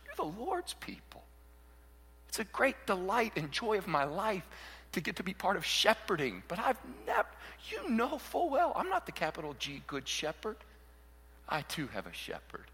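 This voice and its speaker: A man delivers a sermon from the pulpit, his bright, forceful voice rising and falling with big swings in pitch. He acts out the people he quotes and moves from hushed asides to sudden shouts. A long reverb trails behind him, as in a large hall. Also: huge pitch swings, normal speed, husky. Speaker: pastor.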